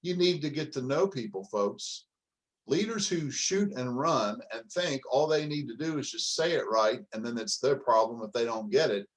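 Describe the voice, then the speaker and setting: A middle-aged man with a medium-pitched voice speaks at a normal speed in a motivational coaching talk on leadership. He is emphatic and direct, fires off rhetorical questions, and calls his listeners "folks."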